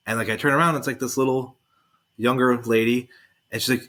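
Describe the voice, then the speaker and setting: A man co-hosting a podcast, telling a casual story in a deadpan way and acting out other people's lines. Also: medium pitch, a little fast. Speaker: podcast co-host.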